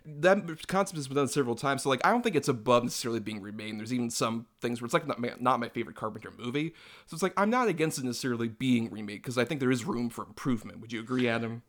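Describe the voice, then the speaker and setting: A man's voice: medium pitch, animated, rapid-fire, fairly bright tone. Rambling man leading a movie chat. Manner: rambling, filler-heavy. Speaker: podcast co-host. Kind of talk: casual movie review chat.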